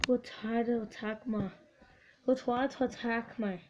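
A woman giving excitable, swearing let's-play commentary, cheering on her units. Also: fairly high pitch, a little slow. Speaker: gamer. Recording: dull lo-fi recording with faint hiss.

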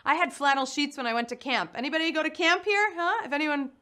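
A woman's voice: sits high, quick pace, sharp tone. A young woman hosting a live quiz show, playful and punny, chatting with her players. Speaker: game show host. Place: studio in New York.

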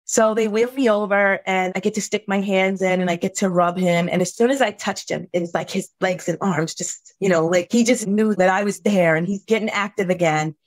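A middle-aged woman, a podcast guest, telling a painful personal story in an earnest, heartfelt way, halting at the hardest moments. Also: medium pitch, steady tone, no echo.

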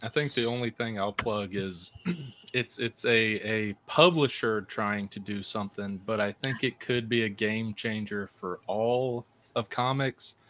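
A man co-hosting a casual podcast, talking haltingly and repeating words as he starts sentences. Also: lowish voice, fairly bright tone, a little hiss or hum. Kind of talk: casual chat.

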